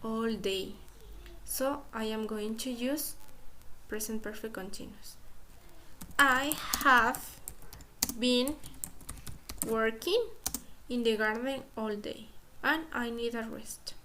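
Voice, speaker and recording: Slow, deliberate Spanish-native teacher woman. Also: a little high, steady tone, a little hiss or hum. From Ecuador. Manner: slow, deliberate explaining, repeats "okay" often. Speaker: English teacher. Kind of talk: recorded grammar lesson for students.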